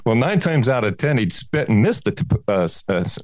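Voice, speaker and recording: A man's voice: mid-range voice, brisk, noisy background. A man co-hosting a comedy podcast, chatting casually and laughing often. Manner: jokey, laughs often, animated. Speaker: podcast co-host.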